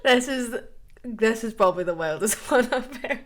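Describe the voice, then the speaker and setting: A woman's voice: on the high side, lively intonation, moderate pace. A woman hosting a podcast, reacting to a listener's story with laughs and disbelief. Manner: laughing, incredulous. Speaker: podcast host. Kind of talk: casual chat reacting to stories.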